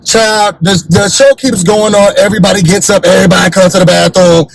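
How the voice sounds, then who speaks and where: Male recap host, high voice, sassy and blunt, acts out quotes, a little noise behind. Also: fairly even intonation, a little fast, vocal fry, low-quality recording. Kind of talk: animated recap commentary.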